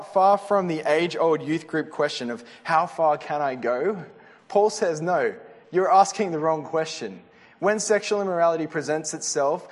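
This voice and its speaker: A young man giving a sermon, earnest and conversational, often restarting his sentences. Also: a little high. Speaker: preacher. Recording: reverberant hall.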